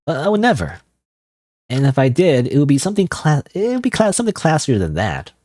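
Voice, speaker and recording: A man voicing a vain male detective who dodges questions in a high, bouncy, playful voice. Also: very animated, fairly quick, a little mellow, no room sound, clean studio sound.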